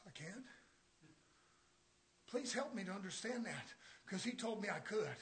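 A man preaching an impassioned sermon, shouting loudly and then dropping to quiet asides. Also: high-pitched, moderate pace. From United States.

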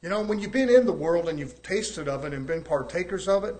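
Folksy preacher, surging delivery. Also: male voice, a little high, expressive, a little fast, a little mellow. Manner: folksy, rising and falling in volume, preaching cadence. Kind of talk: sermon.

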